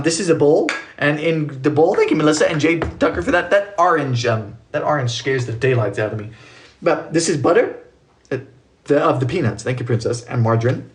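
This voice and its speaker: Brief: young male livestream baker, animated and playful, reads chat aloud, a little high-pitched. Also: a little hiss or hum. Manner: chatty, reads out viewer comments, playful exclamations. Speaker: livestream baking host. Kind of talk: casual live baking stream chat.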